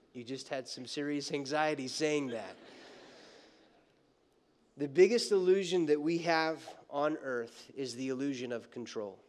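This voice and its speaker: A man preaching a sermon as pastor, telling a story in an animated, joking way. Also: fairly high pitch. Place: church sanctuary. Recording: long church hall reverb.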